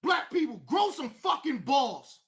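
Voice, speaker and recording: This is a woman hosting a livestream rant, her voice high and bright. She speaks angrily, swears constantly, and often rises to a shout. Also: very animated, a little slow. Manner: angry, profane, often shouting. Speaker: streamer, show host.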